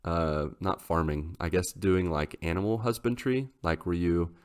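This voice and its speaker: A man co-hosting a casual podcast, telling a long rambling story in a lively way. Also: deep voice, moderate pace, clear, resonant tone. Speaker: podcast host.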